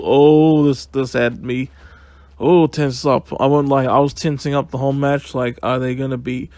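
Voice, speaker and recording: A man giving a casual, excitable solo review, retelling events in a rambling, chatty way. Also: mid-range voice, no room sound.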